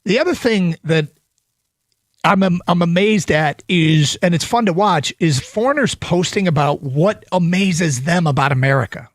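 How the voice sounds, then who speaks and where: A man's voice: sits high, unhurried, dry recording, clean studio sound. Enthusiastic sports radio host man. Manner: enthusiastic, animated. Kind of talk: casual sports radio chat. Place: radio studio.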